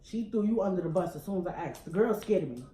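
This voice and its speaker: A young woman tells a heated story in casual slang. Her voice sits low and mellow. The echoey room has a faint hum of noise behind her. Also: animated. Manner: heated, ranting, fast slang. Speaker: couple vlogger.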